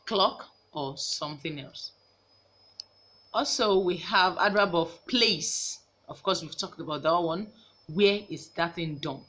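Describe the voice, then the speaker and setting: A woman teacher from Nigeria giving a recorded grammar lesson, slowly repeating each example sentence. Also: lowish voice, fairly bright tone, a little hiss or hum.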